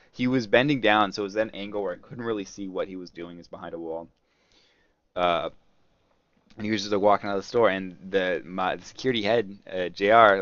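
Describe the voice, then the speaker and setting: A man's voice: on the low side, a bit bright, no room sound. A man who works store security, telling a story in a casual vlog, rambling and swearing, with lots of "like" and frequent laughter. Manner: rambling, profane, laughs a lot, full of "like". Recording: dull lo-fi dry recording.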